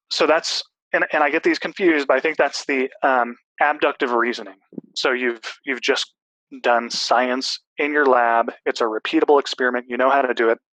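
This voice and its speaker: A man's voice: medium pitch, a bit bright, dry recording, poor audio. A man in a casual discussion, explaining at length with restarts and fillers.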